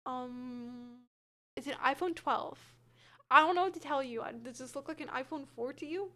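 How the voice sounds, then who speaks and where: At a moderate pace, a young woman with a high, fairly bright voice streams a game from her room, her cat there too. She keeps things casual, reading chat, hedging, and answering viewers by name.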